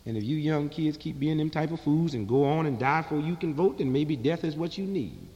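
Male comic, high voice, fiery and sarcastic political monologue, live hall echo. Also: animated, brisk, darkish tone, dull audio. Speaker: comedian and speaker.

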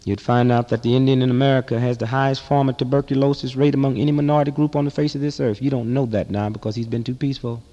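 A man delivering a fiery speech to a live audience, impassioned, rhythmic and sarcastic, swinging from loud to hushed. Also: mid-range voice, level tone, fast, hardly any pauses, muffled recording. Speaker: political activist speaker. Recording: long reverb in a large hall.

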